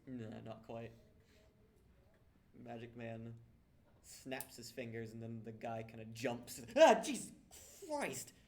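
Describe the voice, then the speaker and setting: A man's voice: medium pitch, slow pace, pauses often. A young man narrating as game master of a tabletop game, talking casually and laughing often. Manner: casual, laughs often, lively voices for characters.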